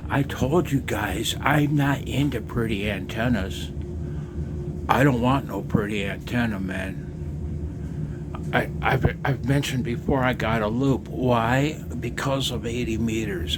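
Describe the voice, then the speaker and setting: A man's voice: on the low side, measured pace, background noise. A middle-aged man ranting in frustration about radio antennas, swearing and repeating himself. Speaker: ham radio vlogger. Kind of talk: heated rant to camera.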